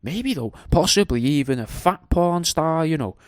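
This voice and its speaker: Rambling man, smooth dry voice. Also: on the high side, expressive, moderate pace, a little mellow, no echo. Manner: rambling, jokey, sweary, slangy. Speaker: podcast host. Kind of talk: casual monologue.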